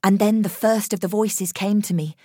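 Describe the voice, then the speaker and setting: A woman narrating a horror story in a measured, expressive reading voice. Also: medium pitch, dry recording, studio quality.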